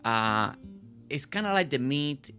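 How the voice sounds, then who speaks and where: A man's voice: medium pitch, expressive, measured pace, bright, forceful tone, soft background music. A man from Puerto Rico hosting a casual game stream, chatting in a rambling way with lots of fillers. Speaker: streamer host.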